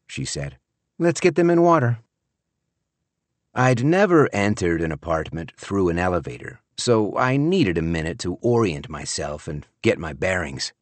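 A man narrating an audiobook in the first person, with an expressive, wry storytelling manner. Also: deep voice, dry recording.

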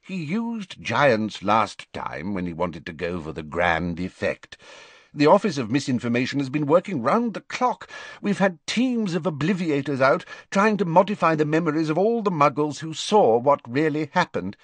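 A man voicing a flustered middle-aged wizard minister, talking rapidly and defensively in an audiobook. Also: on the high side, very animated, no room sound, pitched above the performer's own voice. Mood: miserable. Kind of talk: audiobook character voice.

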